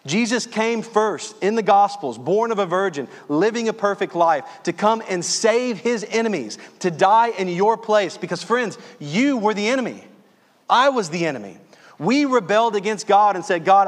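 A man from Louisiana preaching a sermon as pastor, earnestly calling his listeners friends and slowing down on key phrases. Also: sits high, animated, in a large hall.

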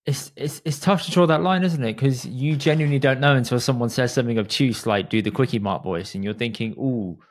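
A man's voice: mid-range voice, fast talker, hardly any pauses. A man hosting a podcast, talking in long, reflective run-on thoughts in a casual chat. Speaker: podcast host.

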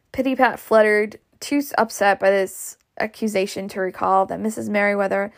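A woman's voice: medium pitch, gravelly. A woman narrating an audiobook, with occasional slips and restarts. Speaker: audiobook reader.

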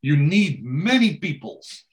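A man's voice: fairly high pitch, very animated, slow. A man voicing a foreign gangmaster who talks in short, clipped, broken English. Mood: blunt.

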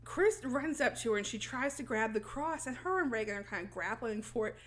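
Brief: woman podcast host, bright high-ish voice, loose storytelling recap, laughs a lot. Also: expressive, fairly quick, a little hiss or hum. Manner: laughs often, acts out lines while retelling. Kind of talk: casual plot recap chat.

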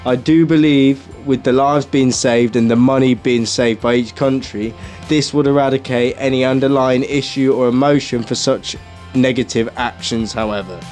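A man's voice: mid-range voice, steady tone, normal speed, few pauses, darkish tone, soft background music. A man co-hosting a comedy podcast, reading out a plan and then bantering and swearing with his friends. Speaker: podcast co-host. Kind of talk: casual comedic chat.

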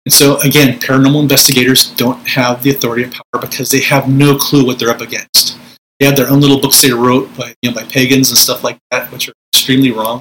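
A man's voice: medium pitch, sharp tone, a little hiss or hum, low-quality recording. A middle-aged man, a Pentecostal minister, teaching spiritual warfare in a conversational preaching style, acting out prayers in a commanding voice.

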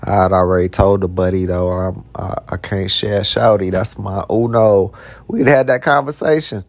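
A podcast host with a low voice delivers a casual storytelling monologue at a moderate pace, his intonation fairly even and the audio free of echo. He rambles through personal stories in slangy, profane language, repeating words and restarting a lot.

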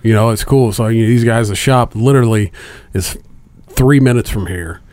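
A man's voice: on the low side, normal speed, darkish tone, dry recording. A man co-hosting a podcast, chatting casually, swearing freely and laughing often. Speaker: podcast co-host. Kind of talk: casual chat.

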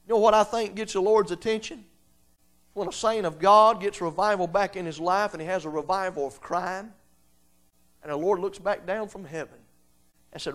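A man preaching a revival sermon, swinging between quiet low pleading and loud, high-pitched exhortation in folksy plain speech. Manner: folksy Southern-style grammar, "ain't", "I seen".

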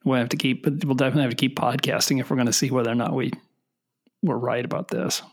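A man's voice: medium pitch, fairly even intonation, fast. A middle-aged man hosting a casual political podcast with his sons, wry and rambling, often trailing off. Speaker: podcast host and father.

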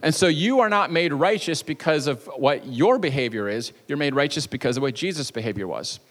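A man delivers a sermon in a church, his slightly raised voice ringing out with a long reverb tail. He tells the story in a loose, playful way, breaking off for quick jokes before coming back to his point. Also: fairly high pitch, lively intonation, a bit bright. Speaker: pastor. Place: church sanctuary.

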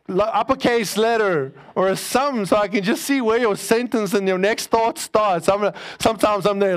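A man preaching to his congregation in a relaxed, talky sermon. His voice sits a little high for a man. He drops in jokes and asides as he teaches. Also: moderate pace, hardly any pauses. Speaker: pastor.

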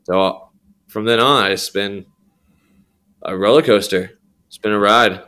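Rambling young man, lowish voice. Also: a little slow, pushed and bright, smooth. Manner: rambling, slangy, many fillers and restarts. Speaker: podcast guest. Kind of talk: candid personal testimony.

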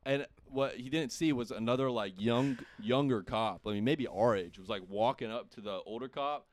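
A young man casually telling a profane, animated story among friends, laughing often. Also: mid-range voice, moderate pace. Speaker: podcast host.

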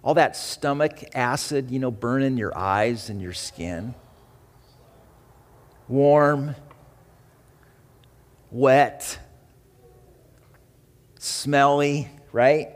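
A man preaching as pastor to his church, with an animated delivery, rising for emphasis and slowing for dramatic pauses. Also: medium pitch, long reverb tail. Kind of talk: sermon. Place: church sanctuary.

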